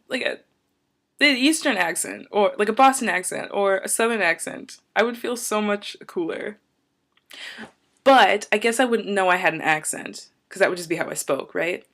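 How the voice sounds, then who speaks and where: A young woman records a casual vlog, talking straight to her viewers. She rambles cheerfully, jumps from one tangent to the next and keeps a chatty, upbeat flow at a middling pitch. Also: normal speed, a bit bright. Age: young adult. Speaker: vlogger. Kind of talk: casual chat to camera.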